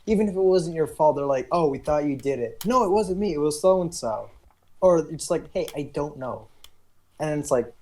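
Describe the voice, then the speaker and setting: A man's voice: on the high side, lively intonation, moderate pace, a little mellow. A young man, a podcast guest, chiming in with wry jokes about working retail. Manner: joking, chimes in with wry asides. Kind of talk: casual podcast chat.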